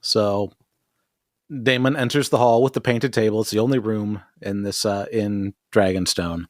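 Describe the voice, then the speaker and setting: A man's voice: fairly low pitch, steady tone, normal speed, no room sound, studio quality. A man co-hosting a podcast, recapping an episode in casual, profane chat, laughing often and mimicking characters. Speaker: podcast co-host.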